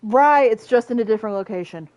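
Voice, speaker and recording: A woman's voice: on the high side, lively intonation, fast talker, a little mellow, highs cut off. Chatty woman gaming with a friend. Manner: chatty, lots of "like" fillers. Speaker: gamer. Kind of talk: casual gameplay chat.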